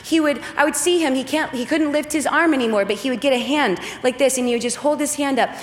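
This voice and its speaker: A woman's voice: high-pitched, quick pace, in a large hall. A woman in her thirties, a worship leader, telling a personal faith story in an earnest, emotional sermon style.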